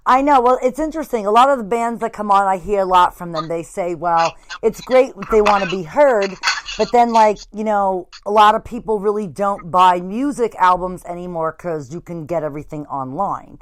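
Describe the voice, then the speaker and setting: A woman's voice: medium pitch, normal speed, background noise. A woman hosting a casual band interview, rambling along with lots of fillers like "like" and "you know.". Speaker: podcast host interviewing a band.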